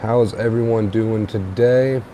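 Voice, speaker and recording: A young man hosting a late-night livestream on a tablet, a little tired, relaxed and repetitive, with plenty of uh and um. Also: lowish voice, measured pace, a little hiss or hum. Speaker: livestream host. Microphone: tablet mic.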